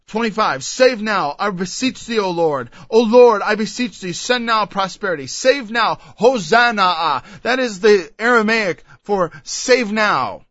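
A man with a high, bright, ringing voice preaches a sermon, reading old scripture aloud and unpacking each verse in turn. The sound is dry and close, on a dull, lo-fi recording. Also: animated, unhurried, hardly any pauses, no echo.

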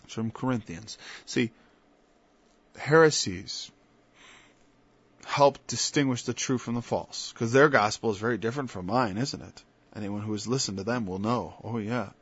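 A man preaching an informal sermon, moving from quiet asides to loud, emphatic passages and quoting scripture in old-fashioned wording. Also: lowish voice, moderate pace, husky, dry recording. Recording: dull, lo-fi sound.

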